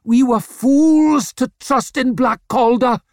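A man voicing a panicky male warrior who shouts bitterly. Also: very high voice, slow, dry recording, studio quality, pitched above the performer's own voice.

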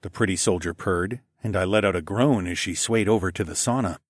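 A man narrating a first-person audiobook in an even, storytelling manner. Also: sits low, fairly quick, no room sound. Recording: dry close studio recording.

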